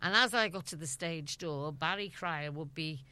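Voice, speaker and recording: Middle-aged scouse lady, really low voice, chatty storyteller on an interview. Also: normal speed, sharp tone, clear, resonant tone, dry recording. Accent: Liverpool. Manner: chatty anecdotal storyteller, laughing often. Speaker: actress guest. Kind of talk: casual interview chat.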